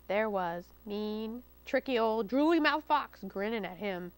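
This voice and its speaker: A woman, a children's librarian, reading a story aloud at storytime in a lively, expressive way. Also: on the high side, a little slow, clean tone, rough recording. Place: studio taping for local cable TV.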